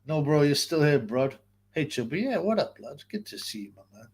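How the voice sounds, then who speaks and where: A man's voice: on the high side, sing-song, a little fast, breathy edge. A man hosting a boxing channel, rambling and swearing through a casual live-stream rant. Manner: rambling, profane, restarts sentences often.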